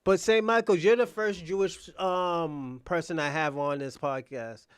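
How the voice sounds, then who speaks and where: A man's voice: fairly high pitch, steady tone, unhurried, clear, resonant tone. A man hosting a podcast live stream, bantering with chatters in a brash, mocking, profane way. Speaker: livestream podcast host. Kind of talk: casual live chat reacting to viewers.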